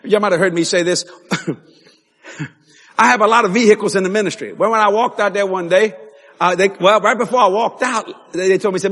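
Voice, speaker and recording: Preacher man, high husky voice, laughing and hollering, big echoey church hall. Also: brisk. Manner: animated, laughing, bursts into shouts. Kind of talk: sermon storytelling. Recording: long hall reverb.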